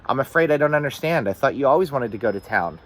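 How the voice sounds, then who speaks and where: A man voicing a kind, hearty rural father with a booming, good-humored manner, read aloud from a novel. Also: lively intonation, fast, fairly bright tone. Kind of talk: audiobook reading.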